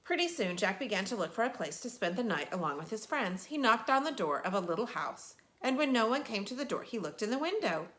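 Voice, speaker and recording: A woman reading a picture book aloud in an expressive, animated way. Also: medium pitch, a little fast, few pauses. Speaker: storyteller.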